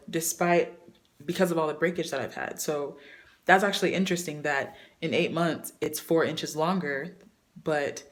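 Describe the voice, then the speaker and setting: Young woman chatting to camera about her hair, lowish voice, lots of ums, gets animated. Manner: chatty, animated when quoting, many fillers. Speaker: hair care vlogger. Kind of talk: casual vlog talk to camera.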